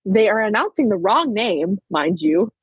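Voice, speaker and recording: Husky young woman telling a story. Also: medium pitch, moderate pace, dry recording, phone-quality sound. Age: late teens. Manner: chatty, peppered with "like", animated retelling. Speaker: podcast guest, track athlete. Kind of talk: casual storytelling interview.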